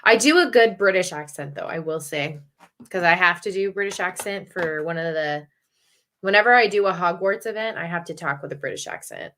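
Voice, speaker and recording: A woman's voice: lowish voice, fairly quick, sharp tone, slight background noise. A woman hosting a casual movie watch-party stream, chatty and self-deprecating. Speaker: livestream host.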